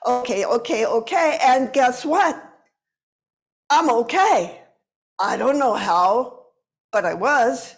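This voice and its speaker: Woman, 70s, unhurried storyteller, slightly high voice. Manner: slow, deliberate, expressive. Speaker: movement teacher. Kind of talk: personal storytelling talk.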